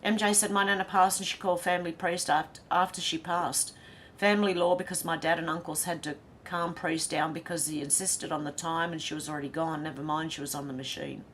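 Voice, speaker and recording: Reading out viewer comments and laughing as she chats, an Australian woman hosts a casual livestream. She has a deep, steady voice and talks fairly quickly, with a little hiss or hum in the audio.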